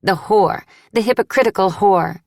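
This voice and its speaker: Furious jealous wife, voiced by the female reader: shrill, accusing, threatening, dry close audiobook sound. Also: moderate pace, creaky, a little mellow, no room sound, close to an everyday voice.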